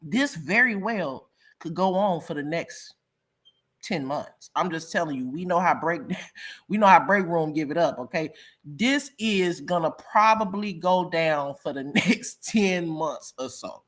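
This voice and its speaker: A woman hosting a casual live-stream reaction chat, her voice bright and sharp. She speaks slowly but with a wildly lively pitch, swinging from loud laughing outbursts to hushed asides. Her delivery is dramatic and gossipy.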